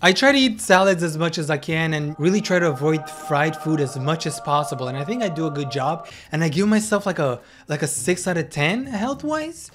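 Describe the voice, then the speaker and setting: A man's voice: fairly high pitch, lively intonation, a little fast, hardly any pauses, crowd noise. Man, sarcastic reaction commentator, mocking, swears freely. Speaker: commentary YouTuber.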